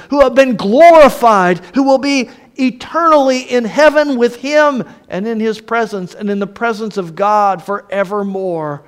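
High-voiced man preaching slowly. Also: clear, resonant tone. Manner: slow, emphatic delivery that drops soft on key words. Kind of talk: sermon.

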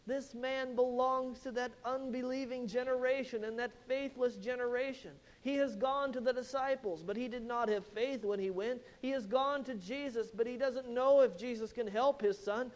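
A man's voice: extremely high pitch, moderate pace. A man preaching an expository sermon, retelling a Bible passage with emphatic storytelling and rhetorical questions.

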